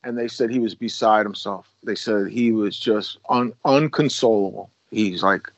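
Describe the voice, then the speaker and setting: A man's voice: on the low side, moderate pace, no room sound, highs cut off. A man, a former police officer, casually telling a long story with many restarts and acted-out quotes. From United States.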